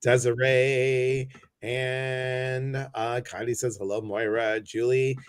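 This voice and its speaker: A man's voice: mid-range voice, level tone, slow, smooth, no room sound. A man hosting a casual livestream chat over a video call, effusive and greeting many viewers by name. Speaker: host.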